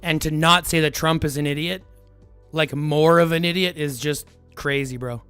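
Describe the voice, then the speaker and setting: A man's voice: a little high, fairly even intonation, moderate pace, fairly bright tone, clean tone, dry recording, soft background music. A man arguing heatedly with his live-stream chat, lecturing and repeating his points. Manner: combative, lecturing, repeats himself.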